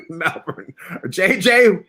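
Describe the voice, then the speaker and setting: A man hosts a comedy quiz show over a video call. His voice is high and bright, with big swings in pitch, and he laughs constantly while egging his guests on. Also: expressive, extremely slow. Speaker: host of an online comedy panel show. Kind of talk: playful game-show hosting.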